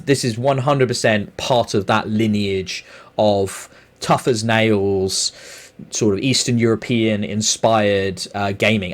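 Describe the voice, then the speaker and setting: A man co-hosting a podcast, talking through a game in a loose, rambling way with frequent chuckles. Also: medium pitch. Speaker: podcast co-host. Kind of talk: casual chat.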